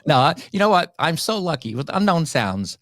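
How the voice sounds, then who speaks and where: A man's voice: on the high side, big pitch swings, moderate pace, a bit bright, no echo, studio quality. An English man hosting a casual interview, effusive and gushing with praise for his guest. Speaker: podcast host.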